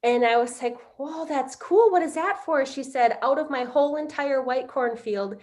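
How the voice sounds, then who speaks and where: Middle-aged woman, higher register, unpolished storyteller who stops and restarts often. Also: darkish tone. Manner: halting, full of fillers and restarts. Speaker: interviewee. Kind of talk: casual storytelling.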